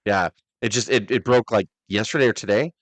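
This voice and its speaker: A man co-hosting a wrestling podcast, chatting excitedly and swearing freely. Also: on the low side, dry recording. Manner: rapid, excited, swears a lot. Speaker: podcast co-host. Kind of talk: casual chat.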